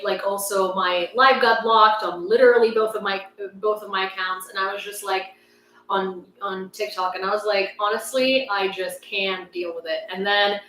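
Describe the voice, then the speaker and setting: A woman's voice: medium pitch, a bit bright. A young woman from Ukraine hosting a casual livestream, rambling and saying "like" a lot. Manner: rambling, heavy use of "like". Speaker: livestream news host. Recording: roomy sound, distant mic, faint ambience.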